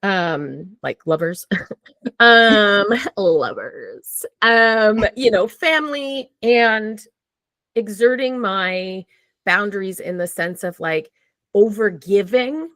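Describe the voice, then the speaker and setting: A woman's voice: medium pitch, animated, takes it slowly, fairly bright tone, dry recording. A woman talking candidly and casually as a podcast guest, swearing freely and acting out her own thoughts. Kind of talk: casual conversation.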